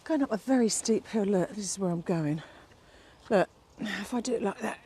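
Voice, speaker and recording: A middle-aged fitness instructor vlogs casually outdoors, phone in hand, panting as she climbs a steep hill. She's chatty and rambling, affectionate with her dog, and her mid-range voice is mellow and breathy at a normal speed.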